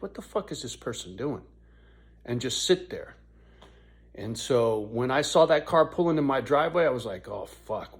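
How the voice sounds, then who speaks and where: A man in his fifties telling a story to his viewers in a casual, rambling, profane way. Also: mid-range voice. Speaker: YouTuber.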